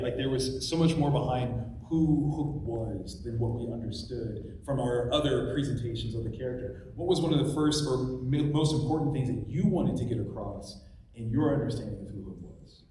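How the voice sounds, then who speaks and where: A man moderating a convention panel, eager and quick to laugh, recorded from the audience on a phone. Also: medium pitch, a little mellow, a little hiss or hum. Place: large convention hall. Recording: echoey hall, phone from far off.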